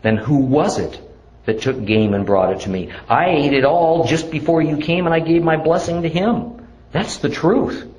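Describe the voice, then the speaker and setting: A man teaching a Bible lesson, reading the scripture verse by verse in a measured, deliberate way before explaining it. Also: fairly high pitch, a little mellow, rough recording.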